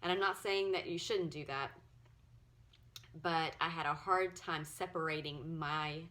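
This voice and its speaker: A woman in her forties sharing her personal story in a halting, earnest way, at times close to tears. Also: sits low, steady tone, sharp tone. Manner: earnest, halting, emotional, often near tears. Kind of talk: personal testimony to camera.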